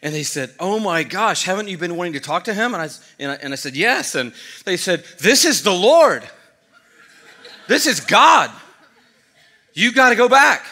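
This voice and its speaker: An eager, excited stranger who rushes through his tale, loud and high-pitched, acted out by a man in a sermon. His tone is bright and forceful. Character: eager man sure God sent him to talk.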